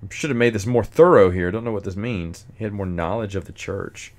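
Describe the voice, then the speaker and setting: A man's voice: fairly low pitch, brisk, darkish tone. A man hosting a solo podcast, chatting casually about a book, rambling with lots of fillers and chuckling often. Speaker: podcast host reviewing a book.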